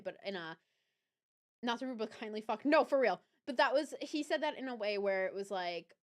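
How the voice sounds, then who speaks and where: Animated young woman telling a story. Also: mid-range voice, fast. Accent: Southern US. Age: young adult. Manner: chatty, animated, self-correcting, laughs often. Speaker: livestream host. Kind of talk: casual storytelling to chat.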